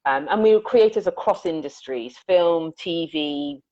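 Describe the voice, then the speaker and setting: Earnest, low-voiced woman musician guest. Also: animated, unhurried, a little mellow, no echo. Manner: reflective, earnest, acts out quoted lines. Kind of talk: conversational interview storytelling. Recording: dull, dry lo-fi audio.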